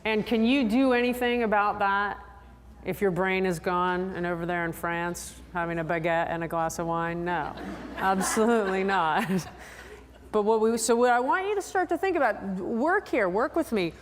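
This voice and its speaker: Animated woman presenter in a big hall. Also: moderate pace. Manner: animated, chatty, acts out riders in high voices. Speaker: sports psychologist presenter. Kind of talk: lively convention talk with audience. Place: large convention hall. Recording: long hall reverb.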